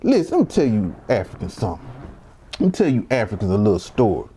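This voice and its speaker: A man's voice: lowish voice, big pitch swings, fast talker, dark tone, husky. A young man from Mississippi, giving heated, provocative reaction commentary full of rhetorical questions. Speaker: commentary vlogger.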